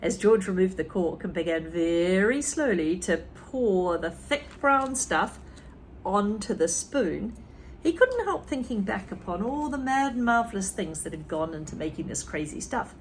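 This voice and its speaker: Woman teacher, storybook read-aloud, animated lively voice, talks to the class between passages. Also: mid-range voice, unhurried, a little hiss or hum. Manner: lively, expressive, with asides to listeners.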